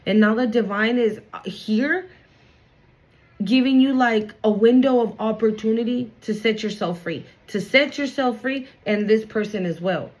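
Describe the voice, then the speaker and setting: A woman's voice: a little high, a little slow, low-quality recording. Blunt, chatty woman giving a spiritual reading. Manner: blunt, chatty, swears freely. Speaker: spiritual card reader. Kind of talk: casual spiritual reading to camera.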